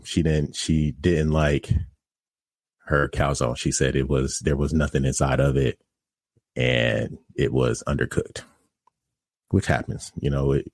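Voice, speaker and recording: A man's voice: rumbling low, a little mellow, dry recording, clean studio sound. A man hosting a podcast who tells a casual, candid story about running a pizza shop and looks back on his own mistakes. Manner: candid, self-critical, conversational. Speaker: podcast host and pizza restaurant operator.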